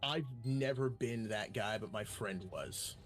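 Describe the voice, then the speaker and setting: A man chatting on a stream voice call, telling animated stories and acting out quotes. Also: lowish voice, measured pace. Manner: animated storyteller who acts out quotes. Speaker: guest on a stream voice chat. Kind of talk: casual group chat on a live stream.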